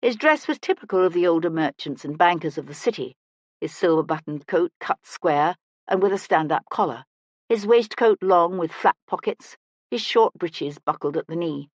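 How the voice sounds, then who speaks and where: A narrator reading a historical mystery audiobook in a measured, expressive way. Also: mid-range voice, dry recording.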